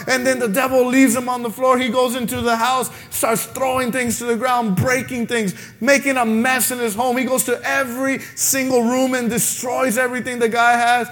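A man preaching a sermon, telling a story with lively acted-out voices. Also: extremely high pitch, moderate pace, hardly any pauses, faint music behind. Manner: animated preaching, acts out voices in his story. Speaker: pastor.

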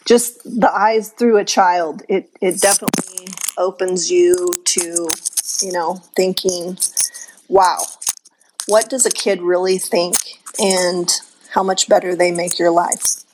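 Low-ish flat-voiced woman co-host, earnest and encouraging, casual chat. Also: takes it slowly, noisy background.

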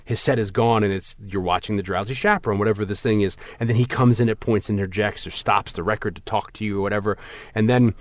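A man's voice: quick pace, no room sound. A man co-hosting a casual podcast chat about movies, rambling through stories and acting out quotes in a raised voice. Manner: rambling, animated, acts out quotes in a higher voice. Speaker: podcast co-host.

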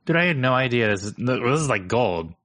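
A man co-hosting a podcast, telling animated stories, acting out quotes and laughing often. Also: mid-range voice, brisk, no echo. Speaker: agency co-owner and podcast host. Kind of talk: casual podcast chat.

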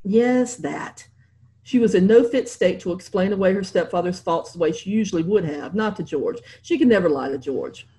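A woman narrating a novel in an expressive storytelling manner. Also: on the low side, fairly quick, few pauses. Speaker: audiobook narrator. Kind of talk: scripted narration.

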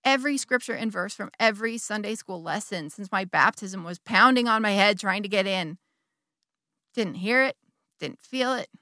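A woman's voice: mid-range voice, sharp tone, no echo, studio quality. A woman playing a candid, wry churchgoing wife. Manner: wry, candid and confessional, with sudden bursts of feeling. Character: middle-aged churchgoing wife confessing an affair to her bishop. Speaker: confessing church member. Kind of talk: dramatic monologue.

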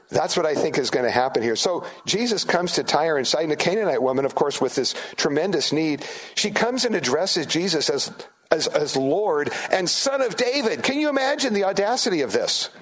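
Conversational middle-aged pastor preaching. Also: male voice, medium pitch. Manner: conversational, animated, acts out disciples' voices. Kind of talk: sermon.

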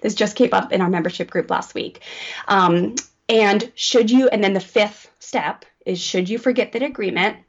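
A woman's voice: medium pitch, normal speed, husky. Woman parenting coach on a muffled line. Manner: animated, acts out lines to children. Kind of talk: explaining advice in conversation.

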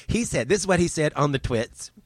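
A man's voice: on the high side, animated, fairly quick, dry recording, studio quality. Profane man ranting. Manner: profane, heated, sarcastic. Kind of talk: angry ranting monologue.

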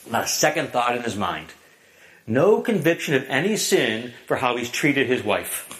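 High, lively-voiced man preaching. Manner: storytelling, dramatic swings from booming to hushed. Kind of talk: sermon.

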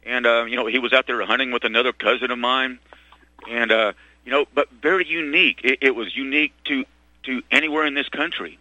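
A middle-aged man hosting a talk radio show, talking in a halting, rambling way full of restarts and fillers. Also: medium pitch, steady tone, sharp tone, no echo, dull audio. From Texas. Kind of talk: rambling monologue.

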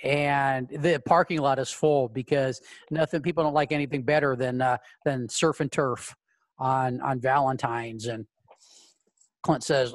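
A man's voice: mid-range voice, fairly even intonation, measured pace, no echo. A man narrating a tabletop role-play game as game master, rambling with repeated words and casual swearing.

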